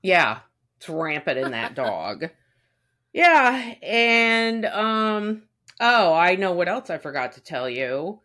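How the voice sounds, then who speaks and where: Woman co-host, lowish voice, profane storyteller acting out quotes, casual chat. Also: sing-song, slow pace, bright, forceful tone. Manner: venting, profane, acts out quotes. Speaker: podcast co-host.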